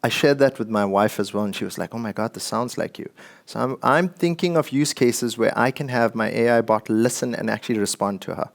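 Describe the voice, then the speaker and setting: A man's voice: medium pitch, a little fast, creaky, hardly any pauses. A man giving a conversational, joking tech presentation to an audience. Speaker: conference speaker.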